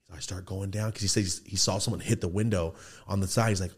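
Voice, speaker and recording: A man hosting a podcast, telling a profane street story in a casual, animated way and acting out quotes and gun sounds in a studio. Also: deep voice, fast talker, hardly any pauses, slightly rough. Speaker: podcast host.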